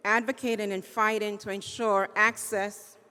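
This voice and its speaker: A woman's voice: mid-range voice, flat delivery, normal speed, pushed and bright, clean tone. A woman, executive director of an advocacy group, giving an earnest formal welcome speech and thanking supporters. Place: large hall at a state house. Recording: echoey hall reverb.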